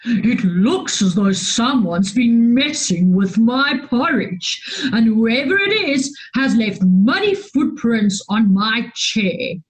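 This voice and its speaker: A woman voicing a big gruff father bear in a storybook reading, with a low growl. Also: big pitch swings, takes it slowly, rough recording. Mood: puzzled.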